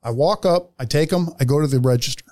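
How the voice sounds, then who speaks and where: A man's voice: on the high side, fast, a little mellow, no echo, clean studio sound. A man telling a story in casual podcast chat, blunt and profane, acting out the other people in it. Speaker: podcast co-host.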